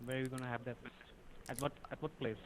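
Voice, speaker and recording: A man's voice: mid-range voice, flat delivery, rapid-fire. A man answering on a phone call in a deferential manner, calling the other person sir again and again. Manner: deferential, keeps saying sir. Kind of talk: phone conversation. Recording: tinny phone line with faint noise.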